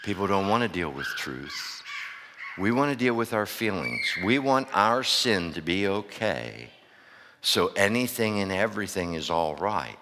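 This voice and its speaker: A man preaching a sermon to his church. He swings from loud, impassioned outbursts to hushed asides and keeps asking the congregation rhetorical questions. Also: sits low, big pitch swings, measured pace, slight background noise. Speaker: pastor. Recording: long reverb of a large hall.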